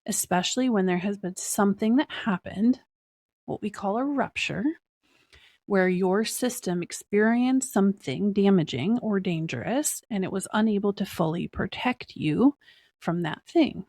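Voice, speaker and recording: A woman hosts her own podcast and speaks slowly and earnestly at a mid-range pitch. She pauses often between phrases, and a smile comes through in her voice. The recording is close and dry. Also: no room sound. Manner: smiling, excited tone. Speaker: podcast host. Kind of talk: solo podcast talk.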